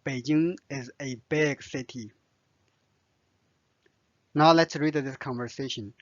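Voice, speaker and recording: A man's voice: medium pitch, takes it slowly, pauses often, no echo. A man with a Chinese accent, a native Chinese speaker, teaching vocabulary patiently, repeating each word with frequent fillers. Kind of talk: slow vocabulary lesson with repetition. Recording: dull, dry lo-fi sound.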